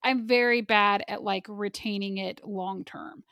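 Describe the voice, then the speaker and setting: A woman's voice: medium pitch, fairly even intonation, measured pace, pushed and bright, no room sound, clean studio sound. A woman co-hosting a casual movie chat, talkative and self-deprecating, laughing easily at herself. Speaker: podcast co-host.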